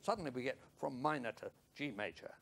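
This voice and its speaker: A man's voice: medium pitch, animated, quick pace, a bit bright. An older man coaching a student in a music masterclass, singing phrases in nonsense syllables to show how they should go. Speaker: flute teacher. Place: music school classroom. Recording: live music over speech. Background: flute and piano playing.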